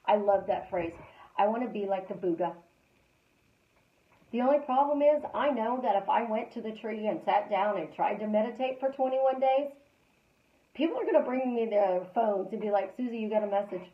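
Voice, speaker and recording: A woman hosting a live stream as a life coach, talking casually and repeating calm affirmations in a chatty, storytelling way. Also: mid-range voice, normal speed, roomy sound, dull audio.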